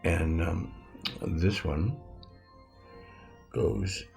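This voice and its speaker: Brief: seventy-something man, very deep and gravelly, meandering teacher. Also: a little mellow, soft background music. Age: 70s. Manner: halting, rambling, self-correcting. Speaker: self-styled metaphysics teacher. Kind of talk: casual rambling spiritual lesson.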